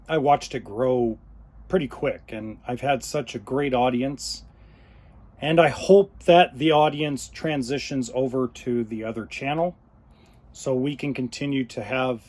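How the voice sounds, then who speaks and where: A man hosting his own podcast, talking unscripted, choked up and pausing often. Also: medium pitch, a little mellow. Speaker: podcast host. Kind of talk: unscripted solo podcast talk.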